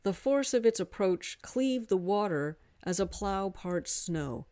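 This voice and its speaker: A woman narrating a romance story in a measured, unhurried way. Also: mid-range voice, animated, warm tone, clean tone, no room sound. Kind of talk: scripted narration.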